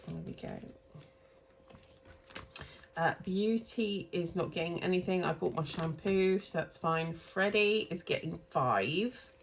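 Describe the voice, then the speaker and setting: A woman's voice: lowish voice, slow, vocal fry. A woman in her thirties, chatting casually and rambling as she sorts cash into budget envelopes. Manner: chatty and rambling, self-correcting. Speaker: cash stuffing vlogger. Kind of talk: casual chat while budgeting.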